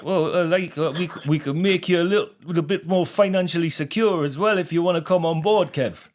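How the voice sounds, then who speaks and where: A man's voice: a little high, fairly quick. A man hosting a podcast, playing a straight-faced fake recruiter in a teasing prank phone call. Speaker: podcast host. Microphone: podcast studio mic.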